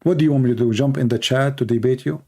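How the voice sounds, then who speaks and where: Fast and mellow, this man's medium-pitched voice carries an off-the-cuff livestream monologue. As host, he rambles, mocks, and picks fights, sounding tired from hours on air.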